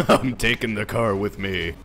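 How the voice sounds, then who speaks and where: A young man joking deadpan over a game with his friends. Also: lowish voice, slow, gravelly. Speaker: gamer. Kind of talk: gaming chat banter.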